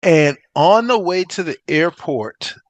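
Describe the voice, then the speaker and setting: A man's voice: a little high, takes it slowly, no echo. A middle-aged man, a former pro football player, tells stories in a casual interview and acts out the dialogue he quotes. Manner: animated storyteller who acts out quoted dialogue.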